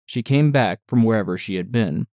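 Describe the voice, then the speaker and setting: A man narrating a novel as an audiobook with steady, measured storytelling. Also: lowish voice, no echo, studio quality. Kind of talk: novel reading.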